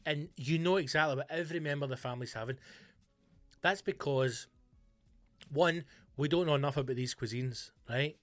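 A man's voice: fairly high pitch, normal speed, pauses often, a bit bright, no echo, faint music behind. Sweary man ranting. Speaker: podcast host. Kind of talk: comic ranting monologue.

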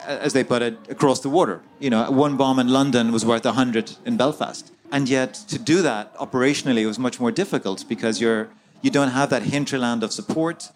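A man being interviewed as an author, recounting events in a fluent, conversational way with frequent fillers and restarts, recorded at a festival. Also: mid-range voice. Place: outdoor festival.

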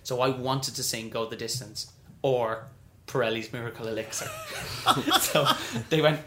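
A man telling stories as an interview guest, animated, often acting out what others said. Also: mid-range voice, a little slow, hardly any pauses, echoey room, noisy background. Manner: animated, acts out quoted voices. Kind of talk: storytelling interview.

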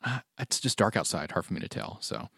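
A man co-hosting a podcast in a casual chat, halting and full of fillers as he explains things. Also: lowish voice, animated, vocal fry, a bit bright, husky, dry recording, clean studio sound. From Tennessee, USA. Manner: hesitant, many fillers and restarts. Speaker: podcast co-host.

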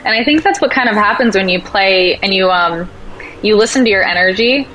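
A woman talking casually as a podcast guest, animated, acting out quoted voices as she tells stories. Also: medium pitch, a little fast, a little hiss or hum, rough recording. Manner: animated storyteller, acts out quotes. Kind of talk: casual conversation.

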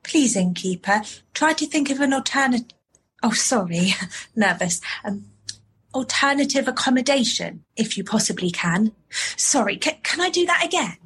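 A nervous amateur actress. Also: female voice, sits high, animated, moderate pace, fairly bright tone, breathy edge, full character voice. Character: nervous young woman auditioning as Mary.

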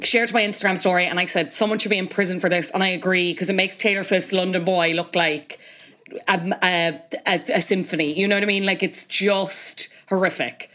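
A woman's voice: lowish voice, steady tone, brisk, fairly bright tone. A woman hosting a podcast, chatting casually in a candid, wry and opinionated way. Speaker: podcast host.

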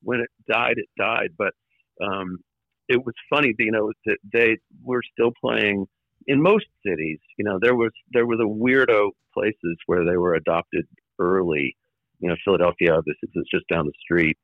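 A man guest in an interview, recalling his years in the record business in a halting way, with many fillers and restarts and the odd wry laugh. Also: on the low side, fairly even intonation, no echo, narrow, tinny audio. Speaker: former record label executive, guest. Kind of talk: conversational interview storytelling.

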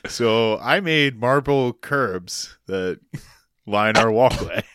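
A man co-hosting a podcast, chatting casually with laid-back, deadpan jokes. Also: medium pitch, takes it slowly, clear, resonant tone, no room sound, clean studio sound. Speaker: podcast co-host. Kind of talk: casual chat.

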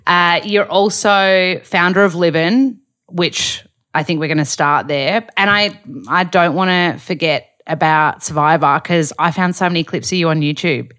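Upbeat Australian woman podcast host, lowish voice. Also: moderate pace, a bit bright, dry recording, studio quality. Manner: enthusiastic, effusive. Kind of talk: podcast interview.

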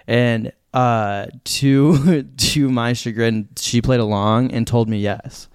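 A man's voice: mid-range voice, fairly even intonation, slow pace, few pauses, smooth, no room sound. A young man hosting a casual podcast chat, joking and laughing often, close to a studio mic. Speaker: podcast host.

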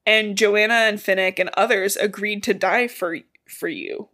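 A woman's voice: mid-range voice, normal speed, sharp tone. A woman co-hosting a podcast, casually retelling a novel's plot in a chatty way with the odd swear word. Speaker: podcast co-host. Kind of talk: casual book recap chat.

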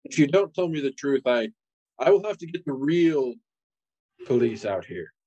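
Animated man playing a tabletop game. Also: normal speed, lo-fi sound. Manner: animated, jumps into high character voices. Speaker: player.

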